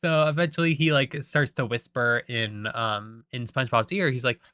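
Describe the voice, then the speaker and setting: A man's voice: mid-range voice, normal speed, sharp tone, no room sound. A young man casually retelling a film plot, rambling with lots of "like" and the odd swear word. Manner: rambling, full of "like", self-deprecating, swears. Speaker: vlogger.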